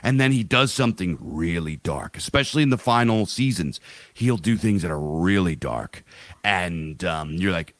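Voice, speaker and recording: A man's voice: low voice, normal speed, dry recording. Rambling, profane man on a podcast. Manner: rambling, profane, animated storytelling with voiced asides. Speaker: podcast co-host. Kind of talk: casual podcast chat.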